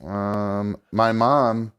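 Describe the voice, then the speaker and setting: A man's voice: lowish voice, fairly even intonation, extremely slow, fairly bright tone, clear, resonant tone. Rambling, foul-mouthed male show host. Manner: loose, rambling, swears freely. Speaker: podcast host. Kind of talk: casual live show chat. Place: studio.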